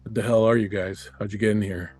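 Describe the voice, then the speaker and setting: A weary ape prisoner talks in a rough, grim drawl, low in pitch, as a man puts him on during a tabletop game. He sounds worn out but steady. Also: fast, faint music behind. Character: weary rescued male ape prisoner, gruff.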